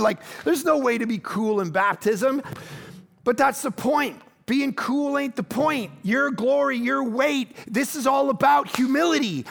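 A man preaching with a notably high voice edged with gravelly fry. He tells personal stories in an animated, punchy way, then drops low and quiet to drive a point home. His delivery feels like a pastor speaking to his congregation. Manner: animated, storytelling, swings between loud punchy lines and low quiet ones. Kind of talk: sermon.

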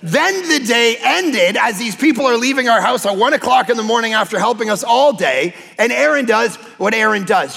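A man preaching a sermon as pastor, telling lively personal stories and acting out quotes. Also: very high-pitched, moderate pace, vocal fry, few pauses, in a large hall. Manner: animated storytelling with acted-out quotes.

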